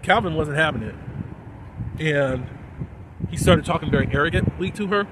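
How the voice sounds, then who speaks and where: A man casually recapping a TV episode in a chatty, chuckling way, softening the swear words as he goes. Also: fairly high pitch, normal speed, heavy background noise. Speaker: TV episode reviewer.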